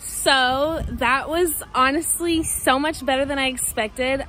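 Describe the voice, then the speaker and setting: A young woman vlogging casually from a parked car, chatty and gushing with excitement. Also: high-pitched, unhurried, few pauses, slight background noise, low-quality recording. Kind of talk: casual vlog talk to camera.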